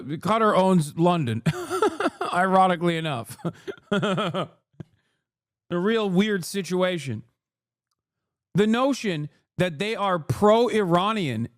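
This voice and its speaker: A man's voice: sits high, a bit bright, no room sound, clean studio sound. A man hosting a live stream, reacting to clips with exasperated, profane ranting. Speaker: streamer host.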